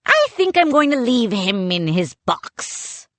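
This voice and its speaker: Woman doing a pirate captain, growling, gravelly, scheming, slow pirate drawl, dry storybook audio. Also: a little high, very animated, a bit bright, no echo, voice pushed up, full character voice. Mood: mocking. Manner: pirate dialect, drawling and mocking. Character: gruff scheming pirate captain, man, hook for a hand. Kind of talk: audiobook character voice.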